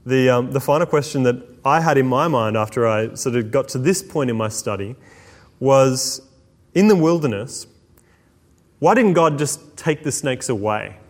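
A man preaching a sermon, swinging between slow, hushed emphasis and quick asides. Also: mid-range voice, animated. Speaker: pastor. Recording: long hall reverb.

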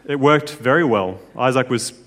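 A male preacher delivers a sermon in a relaxed, conversational way and keeps checking in with his listeners. His voice sits in a middle pitch. A long reverb from a large hall follows his words. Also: moderate pace. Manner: casual, conversational, with tag questions.

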